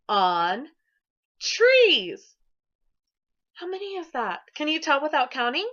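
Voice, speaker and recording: A woman teacher giving an early-grade classroom lesson to camera, sing-song and encouraging, speaking slowly for young children. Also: a little high, fairly bright tone, lo-fi sound.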